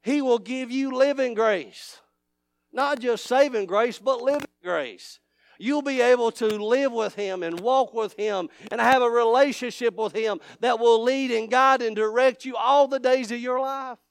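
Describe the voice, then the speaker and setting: A man preaching a fervent sermon, swinging between loud shouting and hushed, low intimate talk in a repetitive cadence. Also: fairly even intonation, moderate pace, few pauses, clear, resonant tone, no room sound. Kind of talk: revival sermon.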